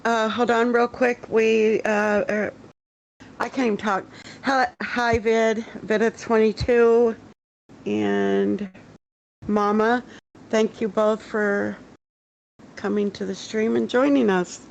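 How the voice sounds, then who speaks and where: A woman's voice: fairly high pitch, little pitch movement, slow, creaky, pauses often, dull audio, a little hiss or hum. A woman hosting a casual livestream, chatty, greeting viewers in the chat and laughing easily. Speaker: show host.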